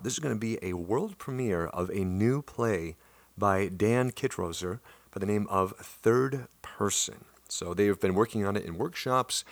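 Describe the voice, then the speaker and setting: Low-voiced Midwestern man hosting a podcast. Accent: Midwestern American. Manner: upbeat, chatty, frequent "uh" fillers. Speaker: theater company podcast host. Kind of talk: solo promotional podcast announcement.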